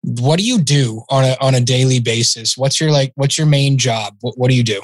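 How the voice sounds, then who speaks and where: A man hosts a podcast in a loose, chatty way, rambling and correcting himself mid-sentence. His voice sits at a middle pitch, and the recording is dry and close. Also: brisk, dry recording. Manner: rambling, self-correcting, laughs often. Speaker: podcast host. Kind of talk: casual interview chat.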